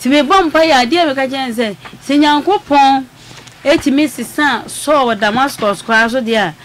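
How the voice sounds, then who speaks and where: A woman calling a radio show, telling a personal story in an earnest, soft-spoken way. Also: sits high, moderate pace, slight background noise. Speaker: caller.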